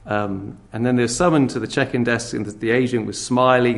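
A man's voice: mid-range voice, steady tone, fairly quick, gravelly. A man preaching a sermon in a conversational way, often restarting his sentences.

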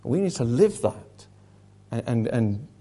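A man's voice: mid-range voice, sing-song, slow pace, mellow. A man preaching a sermon, earnest and emphatic, reading questions aloud to his congregation.

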